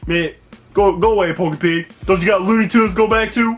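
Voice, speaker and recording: Dude doing a high cocky cartoon dino voice, loud trash talk. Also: male voice, steady tone, fairly quick, faint music behind, natural voice. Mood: mocking. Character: cocky trash-talking male cartoon dinosaur. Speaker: puppet comedy character. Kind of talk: puppet comedy voice acting.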